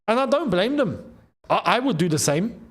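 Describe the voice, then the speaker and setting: A young man hosting a casual live football watchalong, excitable and bantering, laughing often. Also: sits high, moderate pace, husky. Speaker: football channel host.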